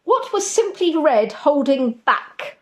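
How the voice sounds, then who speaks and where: A woman's voice: high voice, big pitch swings, slow. A woman hosting a live-stream quiz in a casual chat, giggly and jokey with rambling asides. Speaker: quiz host.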